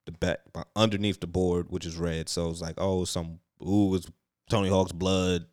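A man's voice: low-pitched, moderate pace. A young man co-hosting a casual talk show, telling stories with bursts of laughter and slang-filled banter. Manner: animated storytelling with bursts of laughter. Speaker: podcast co-host.

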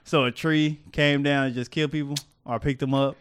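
A man's voice: mid-range voice, steady tone, fairly quick, a bit bright, clean tone, dry recording, clean studio sound. A man co-hosting a podcast, blunt and joking with profanity. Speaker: podcast co-host. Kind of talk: casual chat.

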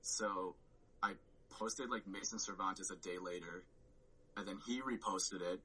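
A man's voice: deep voice, steady tone, measured pace, sharp tone, a little hiss or hum, rough recording. A man telling a story on a podcast, rambling with lots of "like" and swearing and acting out his own reactions. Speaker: podcast guest. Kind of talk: casual storytelling chat.

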